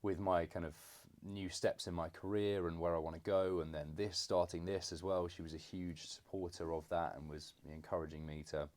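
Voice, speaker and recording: Young man, extremely deep voice, halting casual talk, many fillers. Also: fairly even intonation. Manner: hesitant, many fillers and restarts, warm teasing. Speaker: podcast co-host, son. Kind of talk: casual conversation.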